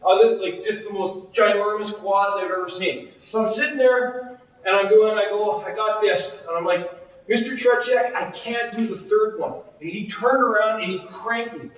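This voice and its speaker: Male goalie coach, high voice, energetic drill cues, booming echo, far from mic. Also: moderate pace. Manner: energetic, repetitive cueing. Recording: very echoey, distant mic.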